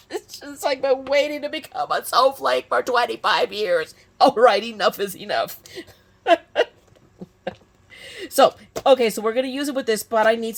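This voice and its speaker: A woman in her fifties from California, chatting through a crafting tutorial with lots of restarts and self-mocking asides. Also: fairly high pitch. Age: 50s. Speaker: crafting YouTuber. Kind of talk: casual crafting tutorial chat.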